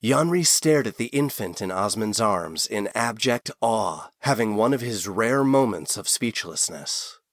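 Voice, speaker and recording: A man narrating a fantasy novel chapter in an expressive storytelling voice. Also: fairly low pitch, unhurried, few pauses, dry recording, studio quality. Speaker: audiobook narrator. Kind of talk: scripted narration.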